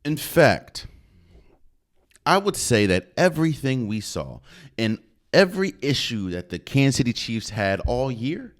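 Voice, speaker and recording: A man's voice: mid-range voice, big pitch swings, unhurried. A man hosting a podcast, giving emphatic solo sports commentary and repeating phrases for effect. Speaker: podcast host.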